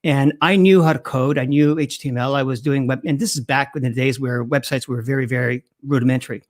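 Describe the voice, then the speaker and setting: A middle-aged man, a guest copywriter, talking in an interview with animated emphasis and frequent restarts. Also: medium pitch, quick pace. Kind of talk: interview conversation.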